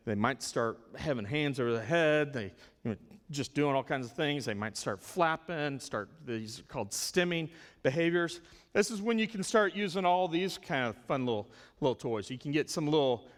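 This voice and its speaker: A man giving a volunteer training talk for a church special needs ministry, earnest and often repeating words as he thinks. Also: a little high. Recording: long hall reverb.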